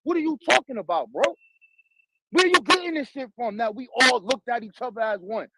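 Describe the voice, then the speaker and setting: Really high-voiced guy yelling and cussing in a debate, talks over people, tons of noise behind him. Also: lively intonation, brisk. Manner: aggressive, profane, talks over the other. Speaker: debater on an online call. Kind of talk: heated debate. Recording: loud background noise with clicks.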